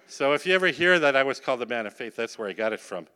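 A man's voice: mid-range voice, animated, quick pace, hardly any pauses, bright, forceful tone, clean tone, big-room sound. A man preaching a sermon, telling a story with acted-out dialogue and asking the congregation questions. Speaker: pastor.

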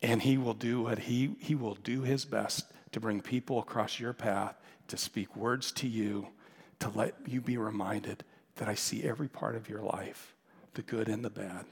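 A man preaching a sermon as pastor, telling a story with dramatic shifts from loud calls to hushed near-whispers. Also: lowish voice, fairly even intonation, normal speed, slightly rough, big-room sound. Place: church sanctuary.

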